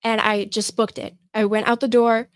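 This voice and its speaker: A young woman from Michigan, a podcast guest telling a personal story in a halting way, with many fillers and restarts. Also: fairly high pitch, level tone, no room sound. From Michigan, USA.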